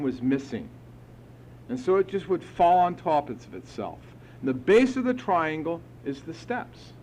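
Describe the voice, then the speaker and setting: Man, middle-aged, slightly higher voice, frank emphatic storytelling, recovery meeting share, podium mic. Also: a little hiss or hum. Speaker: AA speaker. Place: live meeting hall.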